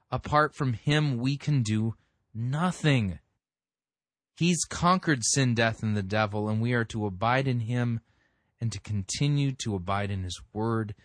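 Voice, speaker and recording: A man commenting critically on a sermon, explaining scripture in a measured way. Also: medium pitch, dry recording. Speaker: sermon reviewer.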